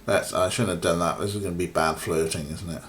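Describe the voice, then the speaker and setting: A man's voice: low-pitched, fairly even intonation, quick pace, a bit bright, slight background noise. A young man streaming an old adventure game, giving sarcastic, swearing commentary. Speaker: let's play streamer. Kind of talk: casual gameplay commentary.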